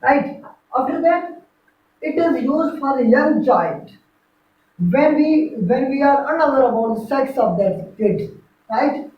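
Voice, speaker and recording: A woman's voice: high-pitched, expressive, takes it slowly, pauses often, a little hiss or hum. A woman teaching grammar in a lecture, repeating each example and checking with "right?". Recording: echoey room from far, dull lo-fi.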